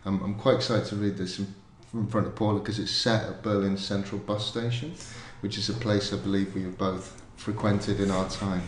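A man's voice: fairly low pitch, little pitch movement, moderate pace, few pauses, reverberant, background noise. A man, a comedian and writer, talking hesitantly in a workshop and reading aloud from his novel. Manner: hesitant, self-deprecating.

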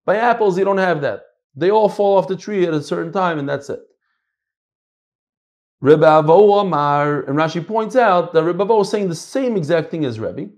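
A middle-aged man teaching a casual Talmud class, animated and swinging between loud and soft. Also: high voice, normal speed.

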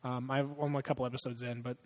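A man's voice: medium pitch, flat delivery, fast talker, darkish tone, big-room sound. Profane, rambling man chatting about movies. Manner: profane, rambling, laughs often. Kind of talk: casual chat about movies.

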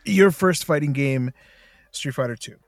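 A man's voice: on the high side, unhurried, dry recording. A young man hosting a podcast who talks in a friendly, rambling way with many fillers as he interviews his guest. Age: young adult. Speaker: podcast host. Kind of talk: casual podcast talk and interview.

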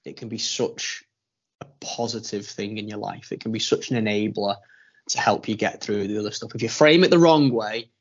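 A man's voice: lowish voice, slightly rough, muffled recording. A man hosting a casual running podcast, teasing his co-hosts and laughing often. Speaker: podcast host. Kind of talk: casual chat.

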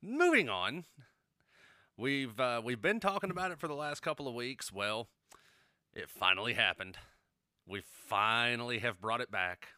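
A man's voice: medium pitch, normal speed, pushed and bright, clean tone, no echo, studio quality. A man co-hosting a podcast in casual chat, joking and rambling, swearing freely. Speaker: podcast co-host.

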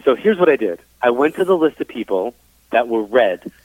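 This New Yorker, a psychic medium, speaks at a normal speed with a medium, slightly mellow voice that swings widely in pitch. The recording is dry and sounds tinny, like a phone line. Chatting frankly in a casual interview, he tells his story with plenty of fillers and performs the quoted dialogue.

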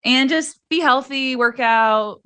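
A young woman chatting casually with a friend, easygoing and quick to laugh. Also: high-pitched, bright, forceful tone, clear, resonant tone. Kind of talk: casual chat.

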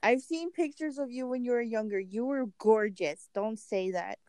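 A woman's voice: on the high side, moderate pace, dark tone. A woman hosting a podcast, backing up her guest with emphatic, supportive remarks and short affirmations. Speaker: podcast host. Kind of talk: casual podcast chat.

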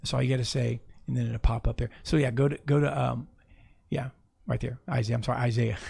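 A man's voice: mid-range voice, flat delivery, fast, creaky, mellow, breathy edge. A man preaching an off-the-cuff sermon, talking to listeners casually and asking them to look up verses. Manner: conversational, restarts, asks listeners to look up verses. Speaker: pastor.

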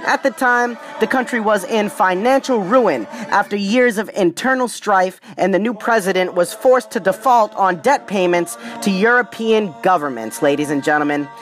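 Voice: medium pitch, normal speed, few pauses, faint music behind. A podcast host, a little tipsy, reading history in a casual, playful way with slangy joking asides. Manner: hyped, playful, streetwise slang, repeats "ladies and gentlemen".

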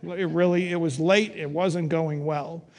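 A middle-aged man preaching a sermon, telling stories with wry humor and emphatic pauses. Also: a little high, fairly even intonation, darkish tone. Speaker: pastor.

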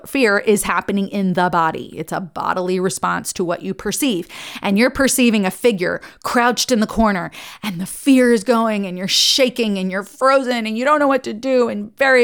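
A woman hosting a podcast, teaching in a lively conversational monologue and acting out quoted exchanges. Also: on the high side. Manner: animated, acts out quoted dialogue. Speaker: podcast host.

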